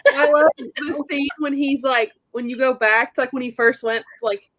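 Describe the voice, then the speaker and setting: A woman's voice: sits high, fairly even intonation, moderate pace, a bit bright. Amused woman chatting on a video call. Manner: amused, playful. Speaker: co-host of a book reading livestream. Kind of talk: casual chat.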